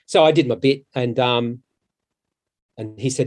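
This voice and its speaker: A middle-aged man, a stage actor, telling a long anecdote in a casual, halting way with many restarts. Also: medium pitch, a little mellow. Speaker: musical theatre actor, interview guest.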